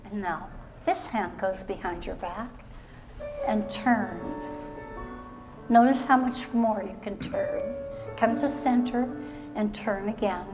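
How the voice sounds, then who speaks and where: A woman fitness instructor leading a seated exercise routine on a live stage show. She gives short, calm, step-by-step cues and keeps encouraging the audience. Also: mid-range voice, slow, long pauses. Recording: music playing under the voice. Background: background music.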